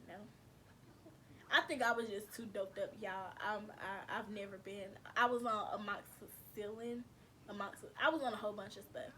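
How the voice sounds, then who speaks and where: A woman's voice: mid-range voice, fairly bright tone, a little hiss or hum. A woman vlogger casually telling her viewers a personal story, chatty and slangy, calling them y'all.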